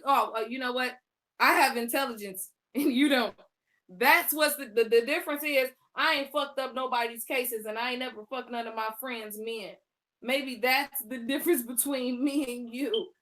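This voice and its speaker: A woman's voice: sits high, bright, forceful tone. A woman co-hosting a live stream, delivering heated, profane commentary with cutting, boastful comebacks.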